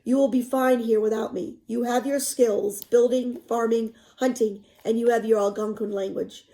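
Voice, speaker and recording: A woman's voice: on the high side, fairly even intonation, moderate pace, warm tone, close to an everyday voice. A woman reading a wounded colonial captain. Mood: solemn. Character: gravely wounded male colonial captain, stern.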